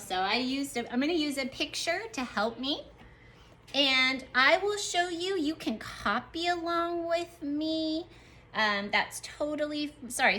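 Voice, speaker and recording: A woman teacher leading a young class through a writing lesson, sounding out letters slowly and praising the children as they work. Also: high voice, bright, forceful tone, a little hiss or hum. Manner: slow, drawn-out letter sounds. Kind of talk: early-grade writing lesson.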